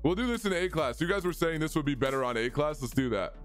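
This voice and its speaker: A man's voice: a little high, animated, quick pace, faint music behind. A young man streaming a racing game live, chatting casually and answering viewers' chat as he plays.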